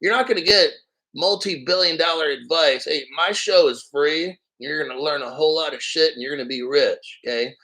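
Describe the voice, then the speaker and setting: A man hosting a crypto show, ranting in crude, profane, sarcastic commentary and reading articles aloud slowly. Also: on the high side, bright, forceful tone, rough recording. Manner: reads articles aloud slowly, mocks others in silly voices.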